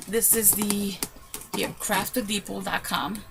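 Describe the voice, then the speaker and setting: A woman crafting vlogger telling a story in a casual, excitable way, recorded in her room at home. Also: medium pitch, measured pace, gravelly, background noise. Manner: chatty, excitable, retells with quoted asides.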